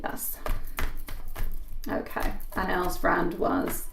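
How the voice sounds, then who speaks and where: A woman hosts a live tarot reading, talking at an unhurried pace with a noticeable gravelly fry in her voice. She chats casually, laughs often and calls her viewers sweet pet names between readings. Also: lowish voice, monotone, a bit bright, slight background noise. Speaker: tarot reader.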